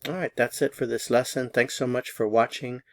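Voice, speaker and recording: A man teaching a language lesson, patiently explaining and slowly repeating words for learners. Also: medium pitch, steady tone, no echo. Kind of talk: slow instructional explanation.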